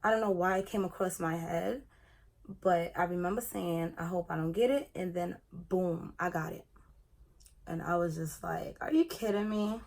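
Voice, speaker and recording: A young woman in a casual get-ready-with-me vlog, talking in a chatty, animated way while she does her makeup. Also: on the low side, moderate pace, vocal fry. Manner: chatty and animated, retelling her own experience. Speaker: beauty vlogger.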